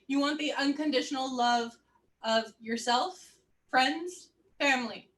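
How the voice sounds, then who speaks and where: A woman hosting a livestream who reads out viewer questions briskly and keeps the show moving. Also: high-pitched, fairly bright tone. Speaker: host reading viewer questions.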